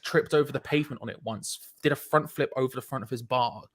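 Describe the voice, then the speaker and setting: A man's voice: mid-range voice, fast, slightly rough, no echo. A young man, casually telling a long story with lots of swearing and acted-out voices. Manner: animated, swears often, acts out voices in his stories.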